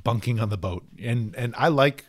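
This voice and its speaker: A man's voice: mid-range voice, normal speed, no echo, studio quality. A man co-hosting a casual chat about a comic book, recapping and analyzing the story in an easygoing way. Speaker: comic book podcast co-host.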